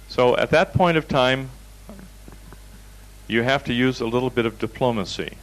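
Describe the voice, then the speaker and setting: A man's voice: medium pitch, expressive, moderate pace, a bit bright, rough recording. Guy running a seminar, folksy storyteller, talks straight to the room. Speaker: seminar instructor. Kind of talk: lecture with slides and anecdotes.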